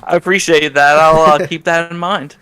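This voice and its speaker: A man's voice: fairly high pitch, steady tone, moderate pace, bright, forceful tone, clean tone, no room sound. A man with a Southern US accent, a podcast guest in casual chat, blunt and swearing freely, often repeating his first words.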